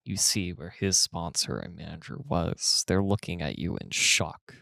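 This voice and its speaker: Game master, deep voice, vivid second-person narration, dry mic. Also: male voice, expressive, measured pace, creaky, sharp tone, no echo.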